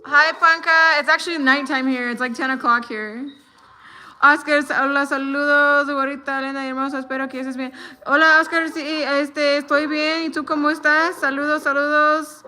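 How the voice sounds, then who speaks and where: Speaking fairly quickly in a high-sitting voice, an American woman in her thirties hosts a casual live stream, greeting viewers and going back and forth between English and Spanish. She's relaxed, pausing with fillers while crafting, and a little hiss or hum is audible.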